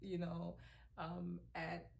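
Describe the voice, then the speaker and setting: Middle-aged mom vlogging, emotional, rambling w lots of ums, lowish voice. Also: female voice, monotone, slow pace, creaky, a little mellow. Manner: emotional, chatty, many ums and restarts. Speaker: mother vlogger. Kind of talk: heartfelt personal vlog.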